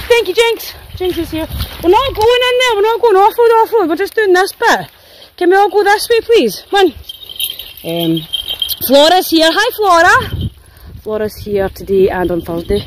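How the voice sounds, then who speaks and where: A Scottish woman on a casual dog-walking vlog, her voice sitting a little high as she jokes and swears her way along a forest path. She talks into a phone held while walking, chatting to the camera and the dogs. Clear outdoor noise runs underneath the whole recording. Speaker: dog walker. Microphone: handheld phone while walking.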